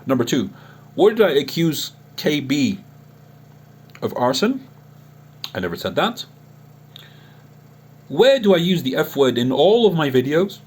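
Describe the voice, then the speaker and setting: A man's voice: fairly high pitch, sing-song, measured pace, pauses often, darkish tone, slight background noise. A man addressing a critic in an unscripted online monologue, earnest and emotional, often restarting his sentences. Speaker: online Islamic preacher and chat-room admin.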